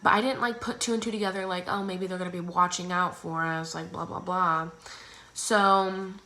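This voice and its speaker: A teenage girl telling a personal story in a casual, chatty way, full of "like" and "um", acting out others in squeaky voices. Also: fairly even intonation, normal speed, pushed and bright. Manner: acts out others' lines in squeaky exaggerated voices.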